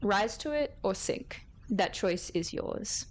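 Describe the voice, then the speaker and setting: A woman's voice: mid-range voice, lively intonation, takes it slowly, a little hiss or hum. A woman playing a stern official rallying recruits. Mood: rousing. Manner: formal, commanding speech. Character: stern official giving a rousing address to recruits.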